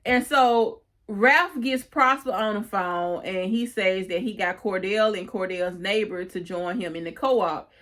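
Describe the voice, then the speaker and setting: A woman's voice: medium pitch, a little slow, hardly any pauses, fairly bright tone. A woman casually retelling a TV episode scene by scene, chatty and peppered with "you know" as she goes. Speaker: TV recap host.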